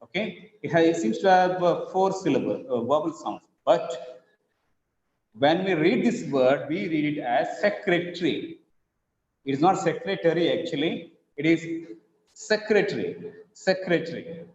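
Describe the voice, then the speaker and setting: A man teaching over slides, explaining slowly and repeating his examples. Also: a little high, expressive, darkish tone. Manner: slow, repetitive explaining with spelled-out examples. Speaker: English teacher. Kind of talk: recorded lecture over slides. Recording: echoey, dull lo-fi room recording.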